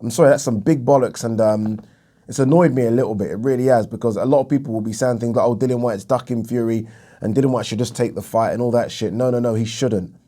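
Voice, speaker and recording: Talking fast in a mellow, medium-pitched voice, an Englishman vents about boxing on his own. The vlog rant is indignant and full of swearing, with lines repeated for emphasis.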